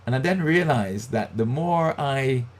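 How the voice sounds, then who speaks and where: A man's voice: mid-range voice, expressive, unhurried. A male pastor giving motivational Bible teaching, emphatic and repeating his key phrases.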